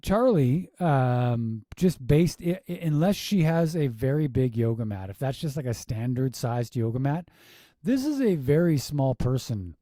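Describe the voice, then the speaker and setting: A man reviews a yoga class video, firing off exasperated rhetorical questions and quick asides. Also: mid-range voice, lively intonation, mellow, no echo, studio quality. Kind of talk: casual critique with commentary.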